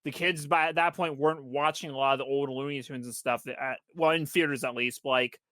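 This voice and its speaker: Bright-voiced young man explaining films. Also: medium pitch, steady tone, fairly quick, no room sound, studio quality. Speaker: podcast co-host. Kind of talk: casual movie chat.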